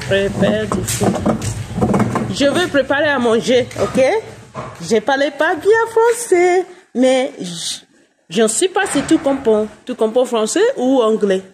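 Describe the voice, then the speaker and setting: A woman's voice: a little high, background noise. A woman farmer with a Nigerian accent, chatting playfully and coaxing her animals in a casual vlog.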